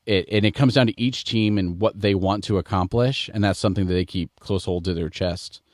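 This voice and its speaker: A middle-aged American man hosts a casual podcast with a lowish voice. The sound is dry and close, with no room in it. His delivery is relaxed and conversational, and he tends to digress. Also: brisk, no echo. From United States. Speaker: podcast host.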